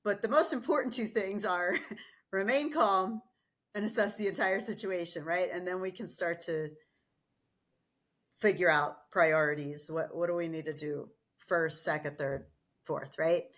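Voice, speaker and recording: A woman's voice: fairly low pitch, a little slow, a bit bright. A woman guest on a podcast, chatty in casual conversation, laughing often and losing her train of thought. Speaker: guest, gym general manager.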